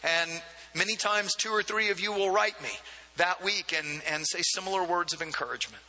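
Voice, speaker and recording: A male pastor delivers a casual, conversational sermon, breaking into asides and repeating words as he thinks. His voice sits high and sounds very bright and sharp. It carries a long reverb, like a large church sanctuary. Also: normal speed.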